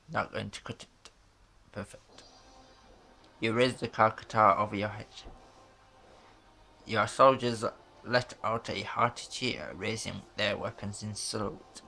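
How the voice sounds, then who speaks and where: A man reading a story game's narration aloud, in a flat, unhurried way with small stumbles and casual asides. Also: on the low side, gravelly.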